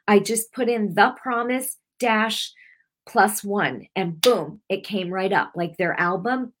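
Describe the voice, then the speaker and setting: A woman's voice: mid-range voice, takes it slowly, noisy background. Emotional woman preaching a broadcast sermon. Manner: emotional, rambling, many restarts and fillers. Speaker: preacher hosting a weekly broadcast. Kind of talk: heartfelt sermon with personal testimony.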